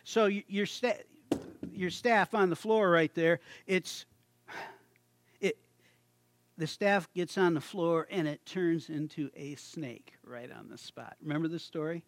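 Male preacher, high-pitched, slow and halting, folksy storytelling, dry close mic. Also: no room sound. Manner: halting, chatty, many restarts, acts out voices with a chuckle. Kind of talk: informal sermon.

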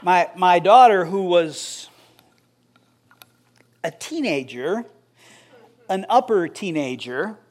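A man's voice: high-pitched, expressive, slow, long pauses. A middle-aged man preaching a sermon as pastor, conversational and joking with the congregation.

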